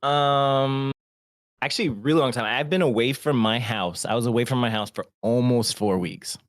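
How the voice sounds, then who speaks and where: A man's voice: medium pitch, moderate pace, no echo, studio quality. A man co-hosting a podcast, telling rambling stories in casual chat and laughing often. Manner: laughs a lot, rambling storyteller. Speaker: podcast co-host.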